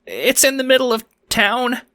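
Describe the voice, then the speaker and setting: A man voicing a timid, squeaky little crocodile bank teller in a fan audio drama, talking in nervous stammers. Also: sing-song, normal speed, bright, forceful tone, heavily acted. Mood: flustered.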